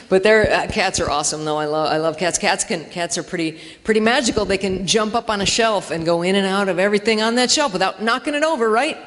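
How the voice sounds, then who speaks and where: A woman performs a chatty, self-mocking stand-up set live in a reverberant church hall, speaking fairly quickly at a medium pitch. She acts out dialogue using funny voices.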